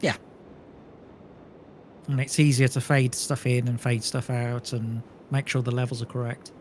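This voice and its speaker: A man's voice: mid-range voice, level tone, a little slow, a little hiss or hum. A man chatting casually while playing a game, explaining things at length with plenty of fillers. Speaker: co-op gamer and streamer. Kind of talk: casual gaming chat.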